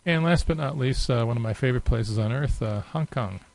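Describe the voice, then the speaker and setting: A man narrating a software walkthrough in an easy, unscripted way. His voice sits in an ordinary middle pitch, and he pauses often with fillers as he clicks around. He keeps a relaxed, conversational tone throughout. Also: creaky, no echo, rough recording. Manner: casual and unhurried, many filler pauses. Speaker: software demo presenter. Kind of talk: unscripted screen-share walkthrough.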